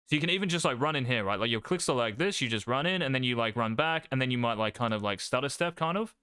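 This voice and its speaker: A man's voice: mid-range voice, lively intonation, fast talker, sharp tone, smooth, no room sound, clean studio sound. Brash man coaching gameplay. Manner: brash, swears freely, cocky. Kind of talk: casual gameplay coaching commentary.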